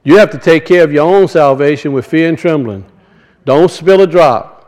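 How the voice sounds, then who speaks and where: Pastor, male, high voice, homespun storytelling sermon delivery. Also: normal speed, a little mellow, rough recording. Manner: folksy storytelling, rising to emphatic scripture reading.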